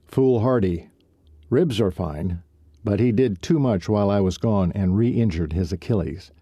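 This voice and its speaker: A man doing a young rancher, clipped and wry, low dark husky voice, dry sound. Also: a little slow, no echo. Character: young male rancher, dry humor, charming.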